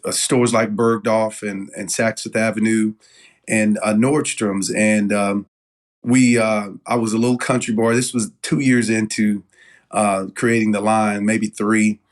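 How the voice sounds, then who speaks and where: A man, a business owner telling stories as an interview guest in a casual, animated way with lots of fillers and restarts. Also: lowish voice. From Knoxville, Tennessee.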